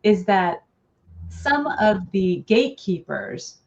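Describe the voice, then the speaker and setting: This middle-aged woman is a relationship therapist appearing as a podcast guest, speaking earnestly with the occasional light laugh. Her voice is medium in pitch and very animated, yet her pace is slow. The audio sounds dull and lo-fi.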